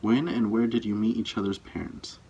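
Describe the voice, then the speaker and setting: A man's voice: fairly low pitch, level tone, moderate pace, vocal fry, warm tone, slightly rough, lo-fi sound. A young man chatting casually with his girlfriend in a couple's video, with a dry, teasing way of talking. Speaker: boyfriend in a couple's tag video. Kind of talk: casual chat.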